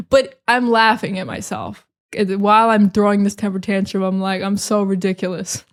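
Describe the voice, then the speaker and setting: A young American woman hosting a casual solo podcast, sarcastic and expressive, slipping into dramatic mock rants. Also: medium pitch, moderate pace. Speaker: podcast host.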